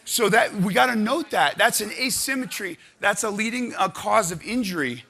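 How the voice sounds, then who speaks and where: Bright-voiced man leading a workout. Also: high-pitched, moderate pace, creaky, husky. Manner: energetic, coaching, counts out loud. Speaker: exercise instructor. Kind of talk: live workshop exercise instruction. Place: conference room with audience.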